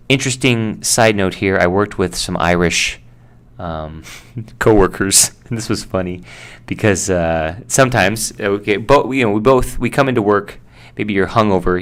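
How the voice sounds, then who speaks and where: An American man teaching English vocabulary in a relaxed, chatty way, with fillers and asides. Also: on the low side, moderate pace, smooth. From United States. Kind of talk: casual explanation.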